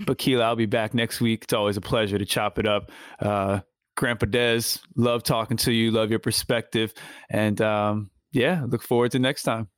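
A man co-hosting a casual wrestling podcast, rambling with halting restarts as he gives his opinions. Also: lowish voice, fairly even intonation, clear, resonant tone, no echo, clean studio sound. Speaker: podcast co-host. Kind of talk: casual wrestling recap chat.

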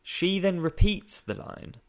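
A man's voice: high-pitched, fairly even intonation, slow pace. A man co-hosting a casual chat, wry and exasperated, often laughing as he talks. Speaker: podcast co-host. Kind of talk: casual chat reviewing a film.

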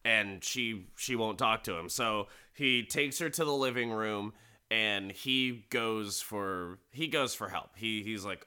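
A man casually recapping a film plot, storytelling in an animated way with frequent fillers. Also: on the low side, measured pace, clean tone.

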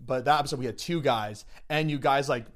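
A man's voice: mid-range voice, brisk, a crowd in the background. A young man co-hosting a podcast, chatting casually and rambling with lots of filler words and swearing. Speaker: podcast co-host. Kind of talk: casual chat.

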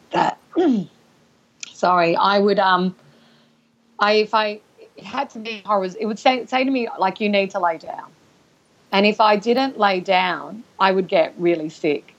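A woman guest telling a personal story in conversation, halting and emotional, with restarts and throat-clearing. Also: mid-range voice. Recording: dull lo-fi recording.

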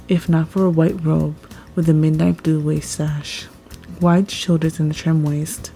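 A woman reading a first-person story aloud, expressive and rising at tense moments. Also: sits low. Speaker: story narrator. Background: faint background music.

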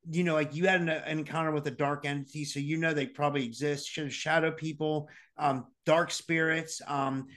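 A man's voice: fairly high pitch, level tone, normal speed, hardly any pauses, fairly bright tone. A man interviewing a guest casually, stammering and hesitant as he builds up his questions.

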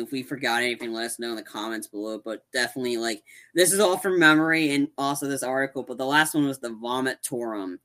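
A man's voice: medium pitch, pushed and bright. A man co-hosting a podcast, rambling animatedly through a movie recap with many restarts. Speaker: podcast co-host. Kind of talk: casual chat recapping a movie.

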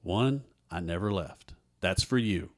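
A man's voice: low-pitched, lively intonation, measured pace. A man, a guest earnestly telling a personal story in an interview and acting out what others said. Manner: earnest storyteller who acts out others' dialogue.

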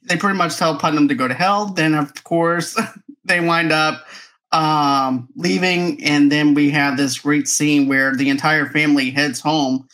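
Brief: male podcast guest, fairly high voice, chatty scene recaps. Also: steady tone, pushed and bright. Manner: chatty, quick recollections of scenes. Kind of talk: casual movie review chat.

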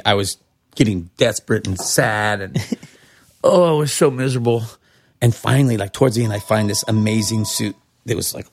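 A middle-aged man from Santa Cruz telling animated stories as a podcast guest, jumping high in pitch when he quotes people. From Santa Cruz, California. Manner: animated, acts out quotes with big pitch jumps. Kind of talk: casual storytelling.

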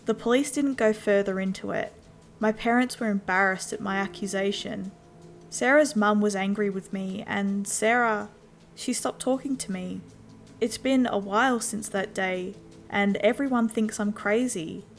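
A woman's voice: mid-range voice, unhurried. Woman narrating a scary story over music. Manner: steady first-person storytelling.

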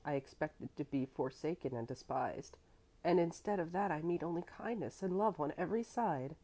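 A grave, remorseful baron speaks low and quietly, read by a woman. His voice sits deep and subdued, heavy with shame. A storybook voice, not a stage performance. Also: moderate pace. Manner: quiet, somber, lowered voice.

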